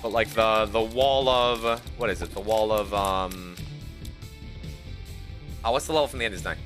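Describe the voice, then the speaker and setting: A sleep-deprived man talks loosely to his stream chat in a lowish voice, trailing off and repeating words as he rambles. Game music plays clearly behind him throughout. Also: normal speed.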